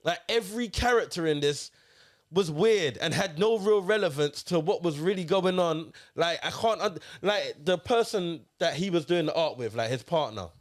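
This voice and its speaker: Guy in a film review chat, high lively voice, keeps asking what?. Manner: animated, rapid questions, lots of "bro" and "like". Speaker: movie reviewer. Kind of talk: casual chat.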